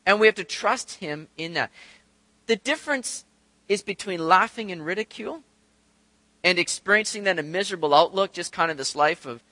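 A male pastor preaching with a light, high voice and a bright, forward tone. He talks to his listeners in a conversational way, throwing out rhetorical questions and slipping into the voices of the people he quotes. The recording is close and dry. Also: moderate pace, dry recording. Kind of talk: sermon.

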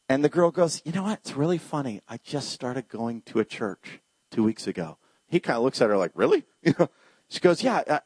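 A man preaching a sermon as a pastor, telling a personal story and acting out the dialogue, at times dropping to a hushed voice. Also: a little high, slightly rough, no echo.

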